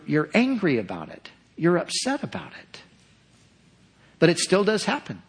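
A man preaching a sermon, earnest and measured, repeating phrases for emphasis. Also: fairly high pitch, breathy edge. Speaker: pastor.

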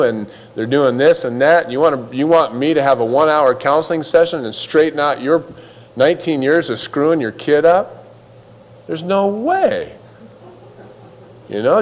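A man's voice: a little high, darkish tone, long reverb tail, low-quality recording. A man preaching a sermon in a conversational, folksy way, acting out little quotes as he goes. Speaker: pastor.

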